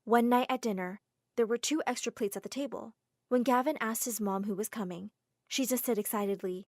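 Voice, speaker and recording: A woman narrating a first-person story in a dramatic, expressive way. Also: fairly high pitch, fairly quick, dry recording, clean studio sound.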